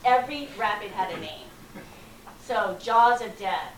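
A woman at middle pitch tells a story to an audience, dramatic and lively. Her voice carries from a distance through a roomy, echoing space. A faint background hiss sits underneath. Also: a little slow. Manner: dramatic, lively retelling with acted quotes. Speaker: speaker telling a story to an audience. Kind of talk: animated storytelling talk. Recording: roomy, from far off, faint noise.

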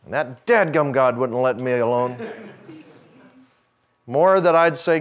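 A man's voice: medium pitch, expressive, a little slow, pauses often. Folksy man telling a story. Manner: folksy storyteller, acts out dialogue, drops to a hush for quotes. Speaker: speaker addressing a men's gathering. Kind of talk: sermon with personal story.

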